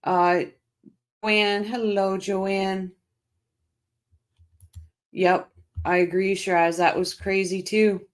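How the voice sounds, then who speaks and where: A woman's voice: medium pitch, flat delivery, extremely slow, pauses often. A chatty middle-aged woman hosts a casual livestream. She reads out viewer comments and talks them over, often stopping and restarting her sentences. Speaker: livestream host.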